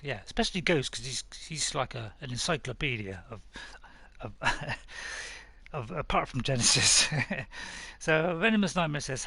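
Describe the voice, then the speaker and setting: Chuckling as he reads out viewer messages, a Bristol man with a West Country English accent chats casually on a game stream. His voice is on the high side, very animated and pushed bright with vocal fry, at a moderate pace and with no echo.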